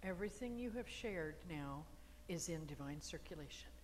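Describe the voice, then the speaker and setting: A woman's voice: low voice, animated, moderate pace. A middle-aged woman minister preaching energetically, coaxing her congregation to join in. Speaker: guest minister. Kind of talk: sermon. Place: church hall. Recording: hall reverb with faint room noise.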